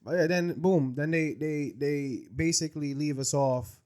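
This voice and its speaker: A man's voice: fairly high pitch, moderate pace, darkish tone, clean tone. A man co-hosting a casual podcast chat, laid-back and slangy. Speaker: podcast co-host. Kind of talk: casual anime recap chat.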